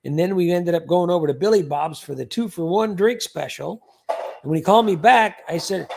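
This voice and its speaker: Gravelly older man hosting a livestream. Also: high voice, fairly quick, darkish tone. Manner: rambling, chatty, full of fillers. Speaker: host. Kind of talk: casual livestream chat.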